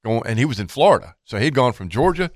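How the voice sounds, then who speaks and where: A man's voice: mid-range voice, fast talker, no echo. A middle-aged man, telling a hunting story in casual chat and acting out the sounds. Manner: animated storytelling, acts out quotes and sounds.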